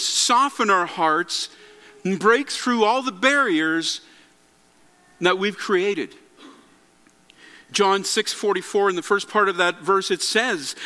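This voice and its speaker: A man's voice: sits high, bright, forceful tone. A man preaching a sermon in earnest, often restarting his phrases as he goes. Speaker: pastor. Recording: long reverb of a large hall.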